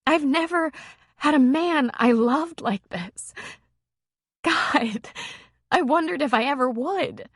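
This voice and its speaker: Narrator doing a high, tearful heroine in an audiobook romance. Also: female voice, expressive, takes it slowly, pauses often, no echo, clean studio sound. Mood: tender. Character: emotional young woman in love, tearful.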